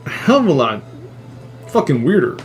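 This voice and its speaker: A man hosting a live stream, casually retelling a story in a rambling, animated way and swearing a lot. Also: on the high side, normal speed, soft background music. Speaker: livestream host.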